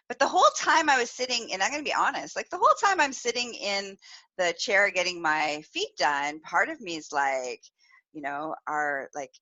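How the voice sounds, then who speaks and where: A woman hosts her podcast, telling a personal story with lots of giggles and fillers. Her pitch swings widely and her tone is bright and forward. The recording is dry and a little dull. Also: sing-song, normal speed, dry recording. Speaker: podcast host, sexual wellness specialist. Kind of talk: casual storytelling monologue.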